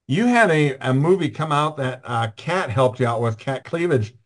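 A man's voice: medium pitch, lively intonation, moderate pace. A man hosting a casual interview, asking questions with lots of hesitations and fillers. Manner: hesitant, filler-heavy, admiring. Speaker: host.

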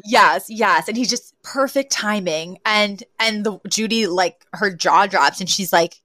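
A woman chatting casually as a podcast co-host, recapping a sitcom episode with lots of laughter and quick impressions of the characters. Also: mid-range voice, no echo. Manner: animated, laughs often, acts out quotes in different voices.

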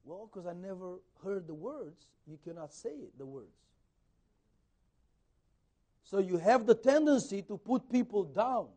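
A man preaching a conversational sermon as a pastor, swinging between loud emphasis and soft asides, sometimes acting out dialogue. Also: sits high, lively intonation, measured pace, long pauses. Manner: acts out quoted dialogue.

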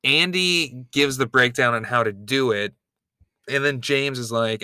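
Bright-voiced man, rambling chat. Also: medium pitch, smooth, dry recording. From United States. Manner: rambling, quick, lots of "like" and restarts. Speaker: podcast co-host. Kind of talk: casual recap chat.

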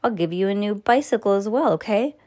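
A woman's voice: medium pitch, expressive, fairly quick, darkish tone, natural voice. A woman doing a sly whispering tall man. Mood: coaxing. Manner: whispering, coaxing.

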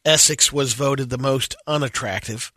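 A man co-hosting a radio show who reads out trivia and news items in a steady tone. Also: medium pitch, unhurried, dry recording, clean studio sound. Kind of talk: casual radio chat.

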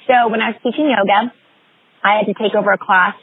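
A woman fitness executive, a guest in an interview, telling stories with lively acted-out quotes. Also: mid-range voice, quick pace, slightly rough, no room sound. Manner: animated storyteller, acts out quoted voices. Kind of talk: interview storytelling. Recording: dry, phone-like lo-fi audio.

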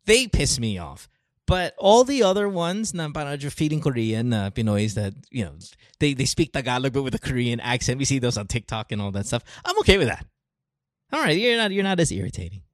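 A man with a Filipino accent hosts a casual talk show and tells his stories in an animated way, with his pitch swinging widely. He drops Tagalog phrases into his English. The recording is dry and close, with no room sound. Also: a little fast, dry recording. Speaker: podcast host. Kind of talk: casual chat.

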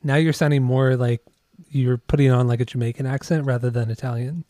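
Chill podcast guy, rambly, mellow low-key tone, dry close sound. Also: steady tone, fairly quick, dry recording. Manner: laid-back, laughs easily, rambling. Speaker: podcast co-host. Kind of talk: casual music podcast chat.

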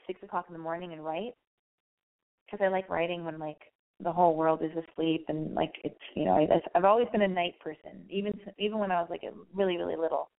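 The phone-quality audio carries a woman's fairly low voice, hoarse and raspy because she's losing it. She runs a relaxed call-in radio advice show, speaking openly, wandering off on tangents, and swearing freely.

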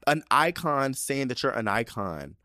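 A man hosting a casual solo podcast, sassy and animated, using slang and swearing, often jumping into high excited bursts. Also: measured pace, dry recording, clean studio sound. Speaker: podcast host.

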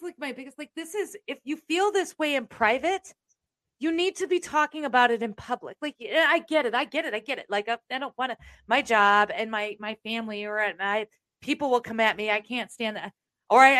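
Emphatic, halting woman with a high voice. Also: a bit bright, dry recording, clean studio sound. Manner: emphatic, halting, restarts often. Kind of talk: casual chat.

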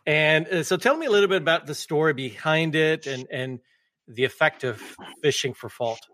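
A man's voice: fairly high pitch, expressive, moderate pace, fairly bright tone. A man hosting an interview podcast, asking loose, rambling questions and giving frequent short affirmations. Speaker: podcast host.

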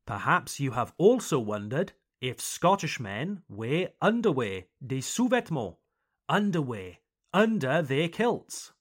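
A British man hosting an English lesson podcast, reading a scripted explanation slowly and carefully and adding French translations. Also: on the high side, a bit bright. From United Kingdom. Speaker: podcast host teaching English. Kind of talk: scripted educational narration for learners.

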